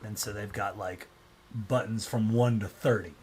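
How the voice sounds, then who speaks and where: Guy with kinda husky voice just talking through an idea, relaxed and chatty. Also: fairly low pitch, normal speed. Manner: loose and conversational, acts out quoted reactions. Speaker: presenter. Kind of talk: casual explanatory talk.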